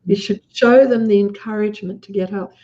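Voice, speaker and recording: A woman's voice: medium pitch, fairly even intonation, brisk, mellow. A woman with an Australian accent talking earnestly in casual conversation, acting out quotes as she tells a story. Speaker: guest. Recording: dull lo-fi audio.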